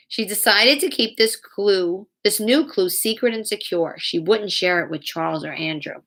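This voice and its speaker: A woman reading a children's novel aloud, acting out the characters with lively voices. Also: mid-range voice, moderate pace, hardly any pauses. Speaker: reader.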